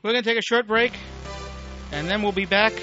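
A man's voice: high-pitched, a little fast, sharp tone, soft background music. A man hosting a political talk radio show, ranting bluntly and sardonically and swearing casually. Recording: dull lo-fi recording.

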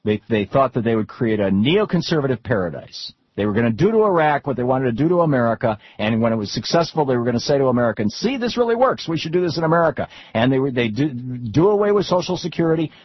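A husky, slightly breathy middle-aged man talking politics in an unscripted, rambling way, often stumbling and restarting mid-phrase. The sound is dry with no room around it, on a dull, lo-fi recording. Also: medium pitch, expressive, fast talker, few pauses, no echo. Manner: rambling, frequent restarts and repeated words. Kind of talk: unscripted political talk with anecdotes.

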